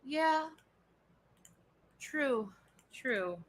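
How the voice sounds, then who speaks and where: A woman's voice: high-pitched, expressive, extremely slow, a bit bright, slight background noise, poor audio. A woman chatting casually on a home livestream, answering viewer comments, laughing often and cooing at her pet.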